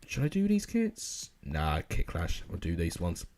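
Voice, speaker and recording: A young man commentating football games live for viewers, excitable and out of breath. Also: deep voice, a little slow, slight background noise. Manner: shouts and laughs at goals, chats with viewers.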